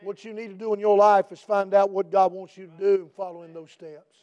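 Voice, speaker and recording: A middle-aged man preaching a sermon as pastor, building to shouted emphatic refrains and dropping back to quieter teaching. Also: high voice, level tone, brisk, clear, resonant tone, lo-fi sound.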